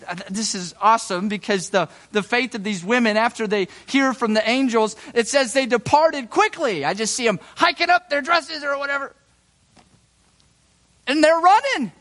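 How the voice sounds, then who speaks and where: A man delivering a sermon with dramatic swings, sinking into hushed, low phrases and climbing into loud, high bursts of excitement. Between these he drops into folksy asides, stumbling and restarting words as he goes. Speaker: pastor.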